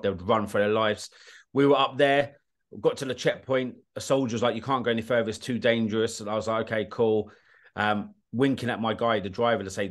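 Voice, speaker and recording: A British man, a guest on an interview podcast, telling war stories in a blunt, animated way, swearing freely and often checking that the listener follows. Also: lowish voice. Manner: animated, blunt, swears, often asks "do you know what I mean". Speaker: guest, war documentary filmmaker. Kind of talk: casual interview storytelling.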